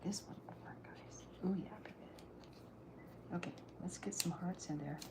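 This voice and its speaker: Soft-spoken woman streaming her cartooning. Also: fairly low pitch, normal speed, creaky. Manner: soft-spoken, musing aloud, drifting into whispers. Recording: noisy background hiss.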